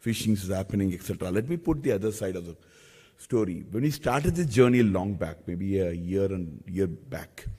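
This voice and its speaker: A man's voice: low-pitched, lively intonation, moderate pace, mellow, husky. A man, speaking as a telecom executive in a panel talk, earnest and often repeating or restarting his phrases.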